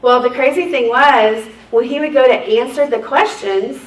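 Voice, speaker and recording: A woman court reporter, telling lively stories at a seminar and acting out the people she quotes. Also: sits high, moderate pace. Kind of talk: anecdotal seminar talk to a group. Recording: echoey room, distant mic.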